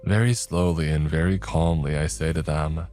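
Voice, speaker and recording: Deep-voiced man narrating horror. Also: steady tone, normal speed, a little mellow, soft background music. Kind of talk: first-person horror story narration.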